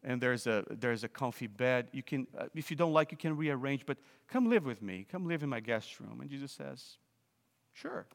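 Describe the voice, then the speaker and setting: A man delivers a sermon at a middle pitch, telling a story with halting restarts before rising to loud, urgent appeals. His voice carries a long reverb, as if heard in a large hall. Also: expressive, gravelly. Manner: storytelling, swelling to loud emphatic exhortation; hesitant restarts and fillers. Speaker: preacher.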